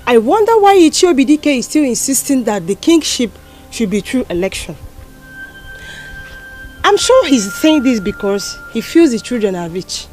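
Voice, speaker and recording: A woman's voice: a little high, very animated, moderate pace, darkish tone, faint music behind. A woman playing a scornful Nigerian village gossip. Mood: gossipy.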